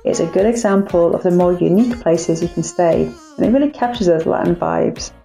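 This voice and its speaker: A young woman talks through family trips in a chatty, upbeat way and pokes fun at herself now and then. Her voice is mellow with a gravelly edge, and it sounds like she is in an echoey room. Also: fairly low pitch, a little fast, faint music behind. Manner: chatty, upbeat, self-mocking asides. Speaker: travel vlogger. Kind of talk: family travel vlog narration.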